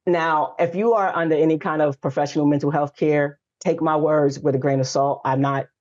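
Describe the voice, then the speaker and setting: A woman's voice: low-pitched, fairly quick. A woman in her forties, a guest coach on a podcast, telling stories in a frank and emphatic way. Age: 40s. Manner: lively storytelling, frank and emphatic. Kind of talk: casual podcast conversation. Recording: slightly dull lo-fi audio.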